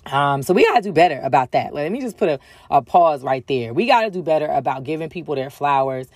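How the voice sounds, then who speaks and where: A woman's voice: low-pitched, expressive, quick pace, a little mellow, no room sound. A woman telling a personal story in a casual way, with lots of ums and acted-out bits of dialogue. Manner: chatty, frequent ums, acts out other people's lines.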